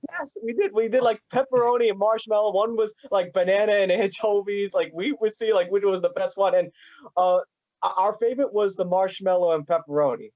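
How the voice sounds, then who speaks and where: Man with a high voice, rambling eager host, dry dull sound. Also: a little mellow, no room sound. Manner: rambling, halting, many restarts and fillers. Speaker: podcast host. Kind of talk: casual fan interview.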